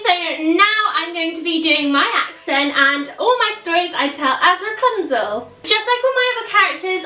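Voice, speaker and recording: A young woman with a high voice, talking in a chatty, casual way and doubling words for emphasis. Her voice sounds roomy and a little far from the mic. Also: pushed and bright. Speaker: children's party princess performer. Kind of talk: casual tutorial vlog. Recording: roomy echo, mic at a distance.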